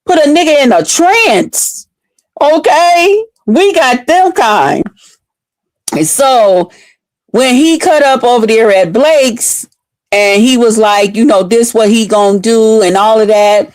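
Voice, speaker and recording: A woman's voice: fairly high pitch, lively intonation, slow pace, a little mellow, no echo. A woman talking to her viewers in blunt, profane, unfiltered casual commentary. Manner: blunt, profane, chatty, addresses viewers directly. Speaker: online commentary host.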